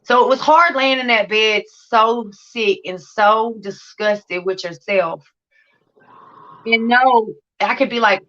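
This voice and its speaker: A woman's voice: on the high side, slow pace, bright, forceful tone, highs cut off. A woman telling her recovery story in a livestream interview, blunt and profane, acting out scenes as she talks. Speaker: guest sharing recovery story.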